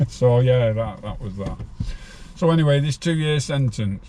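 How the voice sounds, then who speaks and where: A man's voice: mid-range voice, lively intonation, unhurried, warm tone, slight background noise. An older man from northern England, a guest telling stories from his time in prison in a blunt, casual way, swearing freely. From Farnworth, northern England. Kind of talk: casual storytelling interview.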